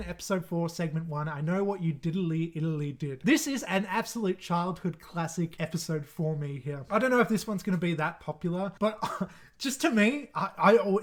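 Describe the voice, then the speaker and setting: A man hosting a video on his own, talking casually and enthusiastically, laughing often and restarting his sentences. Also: high-pitched. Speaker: video host ranking episodes. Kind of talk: casual solo commentary.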